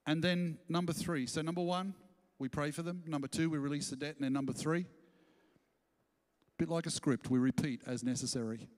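A man preaching a sermon as pastor, animated and acting out quoted voices as he speaks. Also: on the high side, brisk. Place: church auditorium. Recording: long church reverb.

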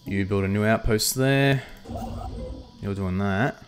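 A man with a lowish, slow voice casually talks through a strategy game on a livestream, soft background music playing. He thinks aloud with frequent ums and reads chat messages aloud.

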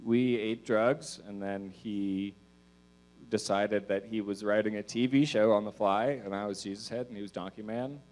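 A man doing a stand-up set in a comedy club, mumbling his asides and pushing his punchlines out loud. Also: fairly low pitch, steady tone, normal speed.

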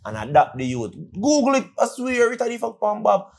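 A man's voice: high voice, sing-song, fairly quick, creaky. A man with a Jamaican accent chatting casually on a podcast, telling stories in patois with teasing and swearing. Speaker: podcast co-host. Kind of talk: casual chat.

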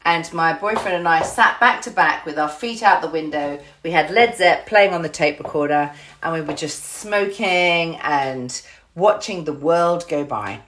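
A woman with a fairly low-pitched voice, telling a personal story straight to the camera. She chats loosely and often repeats her words as she hunts for them. A faint hiss of background noise sits under her speech. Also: measured pace, fairly bright tone. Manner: chatty, repeats words, describes things with gestures. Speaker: vlogger.

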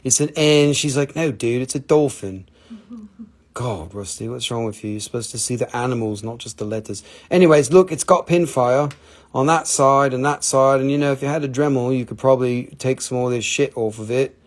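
A brisk, medium-pitched man in his forties hosts a live stream selling gemstones. He chats playfully and rambles, cracking jokes and swearing casually.

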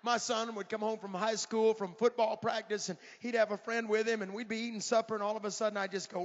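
A middle-aged man, an evangelist, preaching a fiery revival sermon in a large church, often shouting and counting down. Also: sits high, little pitch movement, fast, few pauses. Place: large church sanctuary at a conference. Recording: echoey church hall, dull lo-fi sound.

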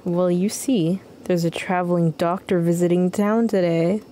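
A woman voicing a kindly, motherly village woman in a video game, speaking softly and drawing out her words. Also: fairly low pitch, fairly even intonation, moderate pace, a little hiss or hum, natural voice.

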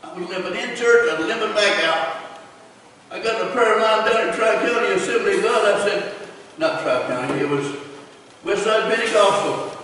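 A high-voiced man preaches a revival sermon in a folksy, storytelling way, chuckling at his own tales. His voice rings through a big church hall from well back from the mic, with a faint hum of the room beneath. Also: moderate pace, a bit bright. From United States. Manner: folksy storytelling with rural grammar; laughs while telling stories. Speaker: pastor. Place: church sanctuary. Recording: echoey church hall from far off.

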